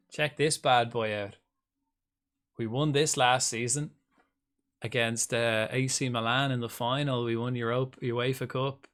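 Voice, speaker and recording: A man streaming a game live, chatting casually and rambling to his viewers. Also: medium pitch. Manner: rambling, chatty, talks to chat by name. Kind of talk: casual live-stream chat while gaming.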